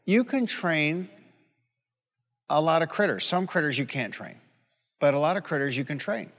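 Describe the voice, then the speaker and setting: A man's voice: a little high, expressive, moderate pace, fairly bright tone. Folksy pastor in his sixties, reverberant hall. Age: 60s. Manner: folksy, conversational preaching with asides and call-and-response questions. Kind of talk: sermon. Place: church sanctuary.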